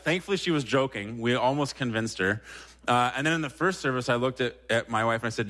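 A man's voice: medium pitch, expressive, brisk, pushed and bright. A young man preaching a sermon in a church, talking conversationally, tossing in frequent "right?" asides and rising animatedly when he quotes Peter. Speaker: pastor.

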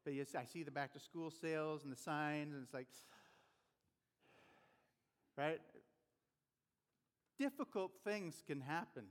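Pastor guy preaching, kinda high voice, chatty and earnest, big echoey church. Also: lively intonation, a little slow, long pauses. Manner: earnest, conversational preaching with rhetorical questions. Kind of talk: sermon.

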